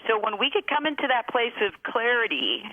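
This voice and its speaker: A woman telling her story as a guest, emphatic and motivational, slowing down to stress key phrases. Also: on the high side, sing-song. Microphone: phone. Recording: tinny phone line.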